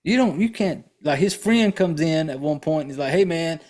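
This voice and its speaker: A man's voice: fairly high pitch, expressive, normal speed, darkish tone. A man hosting a podcast, recapping a horror film in a casual, blunt and profane way, rambling with fillers and restarts and talking straight to his listeners.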